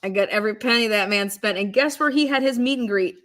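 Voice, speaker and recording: A woman hosting a live-stream chat, excitable and giggly, swearing casually. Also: medium pitch, fast. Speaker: livestream host.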